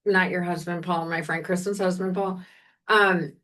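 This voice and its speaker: A woman's voice: fairly low pitch, steady tone, moderate pace, a bit bright. Chatty woman rambling about books. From Washington, D.C., United States. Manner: chatty and rambling, with frequent self-corrections. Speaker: podcast co-host recommending books. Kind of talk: casual chat.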